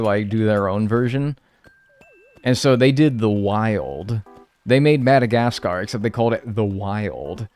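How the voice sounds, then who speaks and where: A man's voice: fairly low pitch, no echo. A young man chatting casually and rambling on a live gameplay stream, swearing freely as he talks. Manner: animated, chatty, swears a lot.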